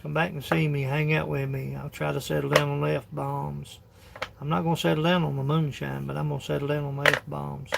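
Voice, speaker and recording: A man's voice: fairly high pitch, little pitch movement, fairly quick, gravelly, heavy background noise. A man, chatting casually on a phone livestream in a rambling, folksy way, laughing often. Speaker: livestream host.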